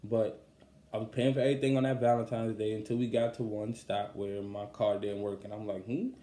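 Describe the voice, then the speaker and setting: A young man, telling a personal story in a casual podcast monologue, full of fillers and growing animated when upset. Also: on the low side, a little fast, echoey room. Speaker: podcast host and songwriter.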